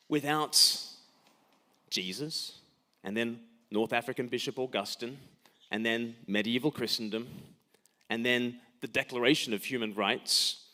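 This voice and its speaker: A man's voice: medium pitch, a bit bright. A man preaching a sermon in a church, emphatic, with rhetorical questions and repeated words at the start of his sentences.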